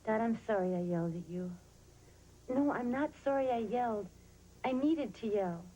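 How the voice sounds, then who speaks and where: A woman's voice: a little high, animated, moderate pace, dark tone, dull audio, slight background noise, lightly acted. An actress playing a young woman patient who speaks bluntly and candidly. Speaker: actor. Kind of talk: sitcom drama acting.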